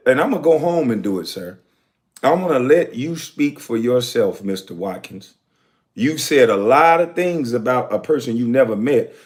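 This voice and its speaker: A man's voice: medium pitch, a little mellow. A man delivering an angry, profane rant straight to the camera, calling out critics in a heated, confrontational way. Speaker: commentator answering critics.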